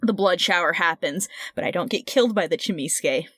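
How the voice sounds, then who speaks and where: A woman co-hosting a podcast, telling a story in an excited, laughing way with quick restarts. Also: fairly low pitch, slightly rough, no room sound, clean studio sound. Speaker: podcast co-host. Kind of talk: casual storytelling chat.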